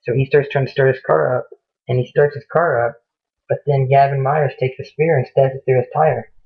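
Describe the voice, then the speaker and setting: A young man tells a gory horror story in a loose, profane ramble, dropping into the characters' lines in his own voice. His delivery is flat and husky. The recording is thin and muffled, like it came through a phone. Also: mid-range voice, a little fast. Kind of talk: casual spoken horror story retelling.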